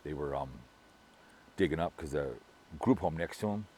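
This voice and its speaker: Deep-voiced rambling middle-aged man. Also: moderate pace, a little mellow, a little hiss or hum. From Minnesota, US. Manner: rambling, repetitive, gossipy with frequent restarts. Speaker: vlogger. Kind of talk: casual rambling monologue.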